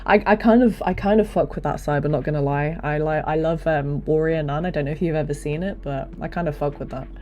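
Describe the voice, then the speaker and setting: A young woman streamer with a deep voice, chatting casually into a desk mic on a stand, rambling and self-deprecating with lots of fillers and restarts. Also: a little fast, dark tone, soft background music. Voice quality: low, deep voice. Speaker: streamer and hobby voice actor. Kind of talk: casual livestream chat. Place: home streaming setup.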